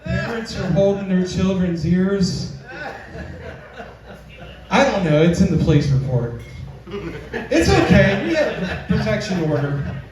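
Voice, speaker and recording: A man performing a live stand-up comedy set, telling stories in a slow, drawn-out way and switching into high, squealing voices when he quotes the women. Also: very animated, crowd noise. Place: small comedy club stage. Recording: distant mic in an echoey club.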